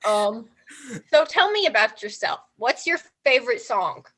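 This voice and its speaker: Improv: a woman doing a blunt little girl host, high and bright. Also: big pitch swings, measured pace, heavily acted. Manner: blunt, childlike. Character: blunt little girl hosting her party. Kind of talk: improv comedy.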